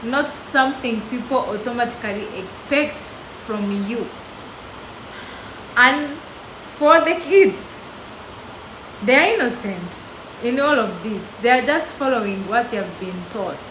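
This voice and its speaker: A woman giving scripted commentary in a slow, measured, explanatory way. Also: on the high side, animated. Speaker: reaction commentator. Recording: echoey room with loud hiss.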